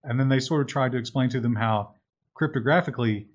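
A man co-hosting a podcast, explaining tech stories in a measured, casual way. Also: mid-range voice. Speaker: podcast co-host. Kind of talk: casual tech news chat.

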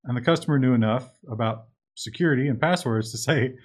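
Co-host, man with a middle voice, measured and explanatory. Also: mid-range voice. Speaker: podcast co-host. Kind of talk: casual tech news chat.

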